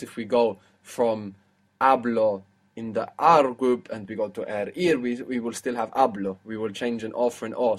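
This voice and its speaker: A man teaching a language lesson, explaining step by step and prompting his student. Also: mid-range voice.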